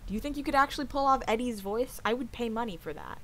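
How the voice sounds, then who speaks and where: A woman's voice: on the high side, expressive, fast, slight background noise, low-quality recording. A young woman chatting casually while she streams a game, swearing often and sometimes dropping to a whisper. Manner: swears a lot, drops to whispers. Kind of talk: casual let's-play chat.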